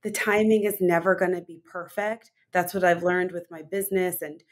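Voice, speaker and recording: A woman's voice: on the low side, fairly even intonation, normal speed. A woman health coach as an interview guest, talking enthusiastically and rambling with many fillers. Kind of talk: conversational interview.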